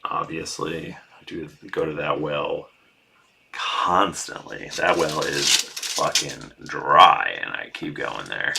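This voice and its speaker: Low slow gravelly guy from the us northeast, rambling self-deprecating stream chat, swears a lot. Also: noisy background. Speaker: craft streamer. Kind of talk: casual livestream chat.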